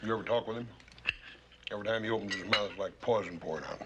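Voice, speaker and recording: An actor playing a big-hearted ranch son with folksy country speech in a 1960s television western. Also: male voice, fairly low pitch, fast, lo-fi sound, heavy background noise, natural voice.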